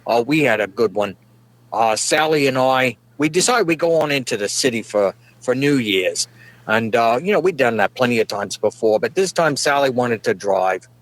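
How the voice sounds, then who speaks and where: A man's voice: medium pitch, expressive, normal speed. A middle-aged man, delivering a folksy, rambling comedic monologue and chuckling at his own jokes. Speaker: comedic podcast guest.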